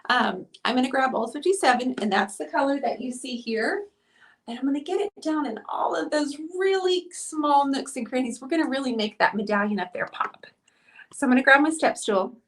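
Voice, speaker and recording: A woman's voice: sits high, a little fast. A woman hosting a live painting tutorial, chatting upbeat with viewers while she works and sounding out of breath. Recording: voice heard from a distance.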